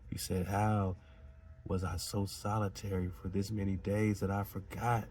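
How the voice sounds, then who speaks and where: A man's voice: on the low side, a little mellow, a little hiss or hum. A man hosting a talk show, reading aloud and commenting in a preachy, emphatic way with slangy asides. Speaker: podcast host.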